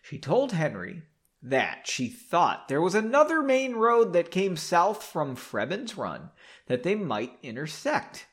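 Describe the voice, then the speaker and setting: A podcast host reads a story aloud in a comic style and keeps breaking in with sarcastic jokes. His voice sits fairly high for a man. Its pitch bounces widely. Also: sing-song, takes it slowly, a bit bright. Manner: sarcastic, mocking interruptions. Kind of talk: comic reading with asides.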